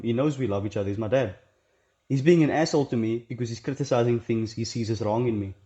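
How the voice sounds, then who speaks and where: A young man talks straight to camera in a blunt, swearing, rambling monologue and keeps slipping into mocking imitations of the people he quotes. His voice sits at a middle pitch with a mellow, rounded tone. The recording is dull and lo-fi. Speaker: self-help channel host.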